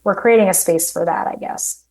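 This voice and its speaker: Woman on a podcast as a guest, slightly low voice, chatty and quick in bursts. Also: a little mellow, poor audio. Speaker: guest, coach. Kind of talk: conversational interview.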